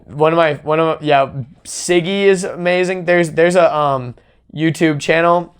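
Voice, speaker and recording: Smooth-voiced laid-back male podcast host. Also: a little high, steady tone, unhurried. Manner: laid-back, laughs often, swears freely. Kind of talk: casual chat.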